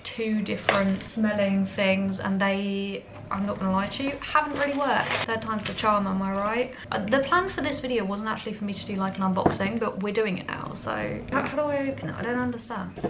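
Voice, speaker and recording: A young British woman chatting to her camera at home, recorded on a compact camera's built-in mic. She rambles through stories with quick self-mocking asides, at an ordinary mid pitch, with a faint hiss of room noise behind her. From England. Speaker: vlogger. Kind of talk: casual vlog storytelling. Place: her apartment indoors.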